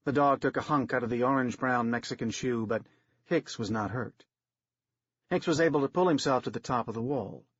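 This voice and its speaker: A man narrating an audiobook in a steady, wry storytelling manner, in a dry, slightly dull recording. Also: medium pitch, fairly quick, no echo.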